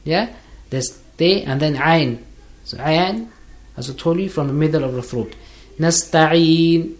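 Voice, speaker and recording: A man's voice: on the high side, expressive. Patient man teaching Quran recitation. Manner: patient, correcting common errors and drawing out the recited words slowly. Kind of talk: one-on-one pronunciation lesson. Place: recorded lesson for listeners.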